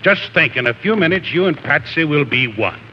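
A man's voice: a little high, animated, normal speed, very noisy, natural voice. An actor playing a pompous, bossy man exasperated by his bumbling friend, in 1930s radio comedy. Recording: dull, lo-fi old radio recording.

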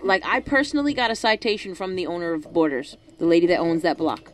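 Woman, radio guest, low-ish voice, earnest, halting, faint room noise around her. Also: poor audio. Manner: earnest, hesitant, with fillers. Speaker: studio guest. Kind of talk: casual radio chat.

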